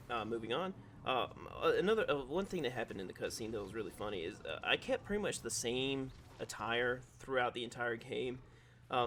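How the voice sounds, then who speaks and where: A man talks through his thoughts on a game in a loose, analytical voice-over. He rambles and restarts sentences as he works out what he means, at an ordinary mid-range pitch. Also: a bit bright, slight background noise. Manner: rambling, analytical, self-correcting. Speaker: gaming video creator.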